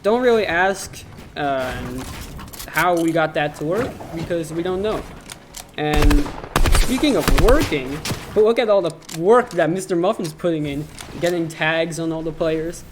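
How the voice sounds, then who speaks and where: A young man doing deadpan, joking play-by-play commentary for an amateur game tournament. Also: on the high side, a little slow, noisy background. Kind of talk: joking esports commentary over gameplay. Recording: game music under the voice.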